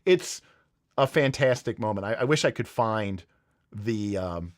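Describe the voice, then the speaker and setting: A man's voice: lowish voice, animated, unhurried, no room sound, studio quality. A man hosting a livestream, chatting casually and telling a story with lots of fillers and restarts. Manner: rambling, enthusiastic storytelling with many fillers. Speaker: livestream host.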